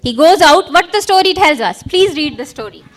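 A woman's voice: high-pitched, lively intonation, normal speed. A woman preaching a sermon, retelling a parable and acting out its characters. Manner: acts out parable characters with props and volunteers.

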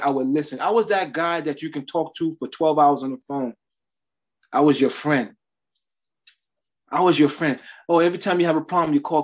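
A middle-aged male preacher delivering a sermon, emphatic and repetitive as he tells his own story. His voice is somewhat husky and sits a bit high for a man. He stresses phrases again and again. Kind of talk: sermon with personal testimony.

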